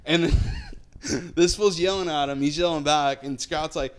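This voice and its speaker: Animated young man, fairly high voice. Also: a little slow. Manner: swears a lot, voice jumps high when retelling shocked reactions. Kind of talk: animated casual storytelling.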